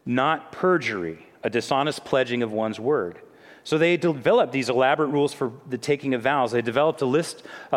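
A middle-aged man preaching a sermon in a conversational way, often restarting his sentences. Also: medium pitch. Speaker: pastor. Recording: long hall reverb.

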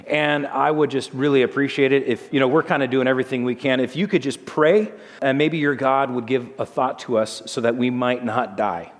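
A man's voice: medium pitch, fairly quick, natural voice. A man plays an urgent, harried ship captain who pleads in a casual, exasperated way. His words ring out in a long reverb, as in a large hall. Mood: pleading.

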